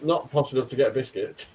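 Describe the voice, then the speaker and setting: A man's voice: medium pitch, a little fast, a little mellow, slightly rough. A man who teases the others and laughs a lot in casual chat.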